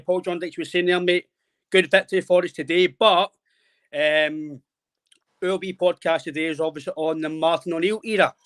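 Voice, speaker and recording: A man's voice: on the high side, fairly bright tone. A man in his twenties, hosting a casual football podcast and chatting in a friendly, rambling way. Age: 20s. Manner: friendly, rambling, says "mate" constantly. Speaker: podcast host.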